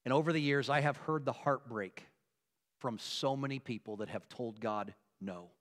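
A man preaching a sermon as a pastor, earnest, moving between emphatic, rising passages and quiet, hushed ones. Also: mid-range voice, moderate pace. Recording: long reverb of a large hall.

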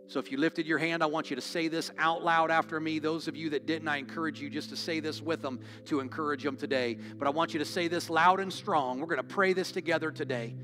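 Male pastor, altar call, pitched a little high, pleading and repetitive, faint music underneath. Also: fairly even intonation, fast talker, hardly any pauses. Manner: earnest, pleading, repetitive appeals. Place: church sanctuary.

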